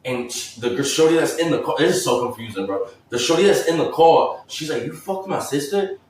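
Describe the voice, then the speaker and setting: A man's voice: medium pitch, a little fast, slight background noise. A young man telling a casual, rambling story full of slang and swearing. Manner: slangy, profane, rambling and animated. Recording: roomy echo, mic far off.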